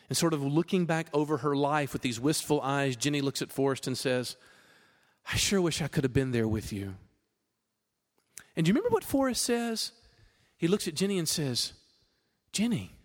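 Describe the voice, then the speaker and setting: A man preaching a sermon, chatty and animated, often pausing with fillers. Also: high voice. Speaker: pastor. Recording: long reverb of a large hall.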